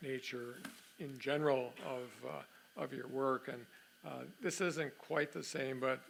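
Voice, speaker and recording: Hoarse, gravelly man moderating a panel. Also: mid-range voice, a bit bright, a little hiss or hum. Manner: halting, many fillers and repeated words. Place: conference meeting room.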